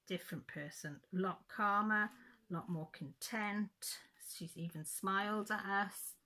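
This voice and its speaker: A woman's voice: medium pitch, unhurried, bright, forceful tone. A middle-aged woman, chatting casually in a vlog and telling a story in a rambling way with frequent self-corrections. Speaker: craft vlogger.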